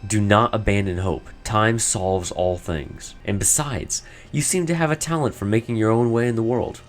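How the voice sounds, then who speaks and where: A man's voice: lowish voice, moderate pace, faint music behind, lightly acted. A man reading as an earnest, apologetic clansman. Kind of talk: reading game dialogue aloud in character.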